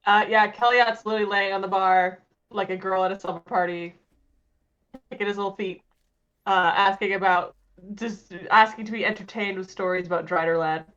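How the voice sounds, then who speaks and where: A woman's voice: medium pitch, steady tone, fairly quick, fairly bright tone, highs cut off. A woman player describing her character's antics in a playful, fond way. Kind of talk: tabletop role-play chat.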